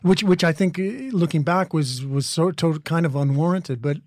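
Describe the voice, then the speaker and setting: A man's voice: fairly high pitch, moderate pace, a little mellow, no echo, clean studio sound. A man in his forties from the American Midwest, an actor being interviewed, talking thoughtfully with restarts and asides. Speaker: actor guest. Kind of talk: interview conversation.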